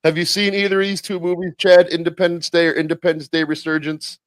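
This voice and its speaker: A man co-hosting a casual movie podcast, rambling and halting with fillers and crude jokes. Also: a little high, little pitch movement, dry recording. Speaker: podcast co-host. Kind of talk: casual chat about movies.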